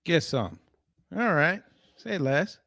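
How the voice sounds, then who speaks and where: A man's voice: on the high side, big pitch swings, takes it slowly, fairly bright tone, no room sound, faint music behind. A man hosting a livestream, giving casual reaction commentary and repeating short phrases. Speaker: livestream host.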